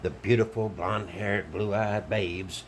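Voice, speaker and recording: An older man from Alabama speaks in a very deep, low register. He talks bluntly and loosely, stopping for ums and uhs as he makes his points. A faint hiss of background noise sits under the recording. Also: steady tone, takes it slowly. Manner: blunt, rambling, many fillers. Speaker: video commentator. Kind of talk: casual monologue to camera.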